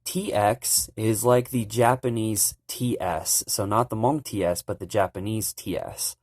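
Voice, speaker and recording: A young man giving a relaxed, casual language lesson, calmly explaining pronunciation. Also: lowish voice, no room sound, clean studio sound. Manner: relaxed, repeats sounds slowly and loudly to demonstrate. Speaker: language teacher.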